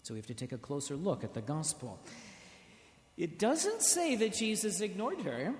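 Slow, expressive preacher in an echoey church. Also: male voice, fairly high pitch. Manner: expressive, slow and deliberate, with dramatic pauses and acted quotes. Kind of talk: sermon.

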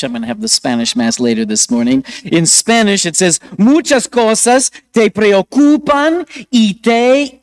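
A priest preaching a sermon, slow and emphatic, with deliberate repetitions. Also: male voice, sits high, no echo.

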